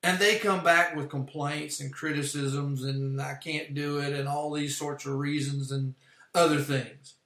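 A man teaches a sermon from an outline, earnest and measured, repeating his points so they sink in. His voice sits high for a man and sounds bright and forward. The room around him rings with echo. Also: flat delivery. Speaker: pastor. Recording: echoey room.

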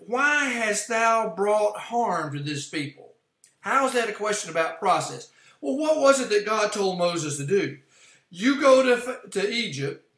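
A man teaches a sermon from an outline, earnest and measured, repeating his points so they sink in. His voice sits high for a man and sounds bright and forward. The room around him rings with echo. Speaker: pastor. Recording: echoey room.

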